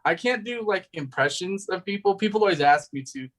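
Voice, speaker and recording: A man's voice: high voice, lively intonation, fairly quick, a bit bright, low-quality recording. A man being interviewed as a guest, talking loosely, laughing often and swearing casually. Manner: giggly, loose, swears a lot.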